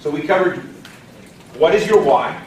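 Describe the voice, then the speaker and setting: A man from Texas giving an energetic motivational training talk to a live audience, often putting questions to the room. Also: a little high, normal speed, a little hiss or hum. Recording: roomy echo from far off, faint ambience.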